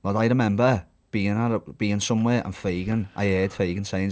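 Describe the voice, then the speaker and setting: A young man, talking in a lowish voice on a podcast. He is blunt and sweary and drops "lad" into nearly every sentence while chatting about fighting. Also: steady tone, a little fast, darkish tone. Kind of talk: casual sporty banter. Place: indoor podcast studio.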